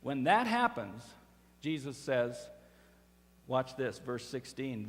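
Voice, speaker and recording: A man's voice: medium pitch, very animated, slow pace. A man preaching a sermon as pastor, in a conversational style with fillers and restarts, from a church sanctuary. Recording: reverberant church hall.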